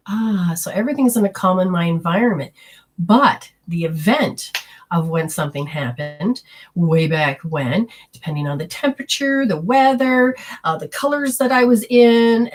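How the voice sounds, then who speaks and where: A woman giving an earnest spiritual healing talk, telling personal stories and acting out inner voices in quotes. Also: on the low side.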